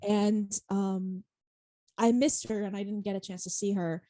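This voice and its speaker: A woman's voice: mid-range voice, fairly even intonation, a little slow, mellow, dry recording. A young woman co-hosting a podcast, telling a story in casual chat, rambling, laughing often and swearing freely. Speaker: podcast co-host.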